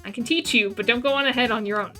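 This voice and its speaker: A woman voicing a protective, weary adult traveler in a game, speaking in a low, steady, clipped way. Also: quick pace, faint music behind. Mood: gentle.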